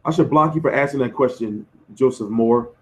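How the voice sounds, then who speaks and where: Hoarse man chatting boxing on a stream. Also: mid-range voice, a little fast, a little mellow. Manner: loose, profane, slangy banter answering chat. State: losing his voice. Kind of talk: casual live-stream chat.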